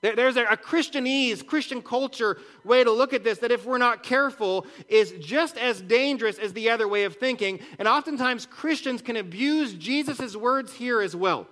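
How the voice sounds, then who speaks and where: Bright-voiced, high-pitched male preacher. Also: normal speed, few pauses. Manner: conversational preaching with repeated words and rhetorical questions. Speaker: pastor. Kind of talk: sermon.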